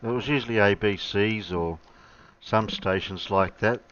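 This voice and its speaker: Low-voiced man chatting on a lo-fi stream. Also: measured pace, a bit bright. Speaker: co-host. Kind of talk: casual live-stream chat. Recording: dull lo-fi sound with faint noise.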